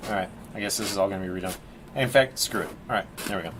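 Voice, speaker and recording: A man's voice: sits low, racing, background noise. A man chatting casually and rambling with jokes as he paints on a live stream, calling his viewers "team".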